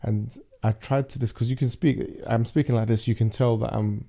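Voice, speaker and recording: Gravelly London man chatting. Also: medium pitch, steady tone, fairly quick, dark tone. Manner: thoughtful, restarts often, laughs easily. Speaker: guest, debater. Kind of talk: casual interview chat.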